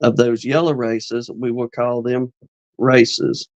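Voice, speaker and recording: A man hosting a live chat reads an old beekeeping text aloud slowly, tripping over words and adding casual asides. His mid-range voice is flat, and the recording is muffled with no echo.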